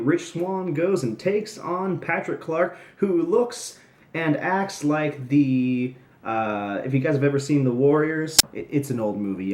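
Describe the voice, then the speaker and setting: Casting note: young male recap host, mid-pitched, sarcastic and rambling, recorded in a roomy space. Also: darkish tone. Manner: snarky, rambling, jokey asides. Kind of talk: casual solo recap commentary. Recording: roomy echoey room.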